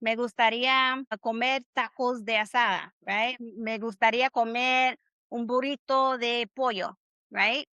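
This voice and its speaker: Woman, slightly high and bright voice, encouraging language teacher on a dry video call. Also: steady tone, normal speed, smooth, no echo, dull audio. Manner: upbeat, encouraging, keeps asking "right?". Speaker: Spanish teacher. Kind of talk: live online class.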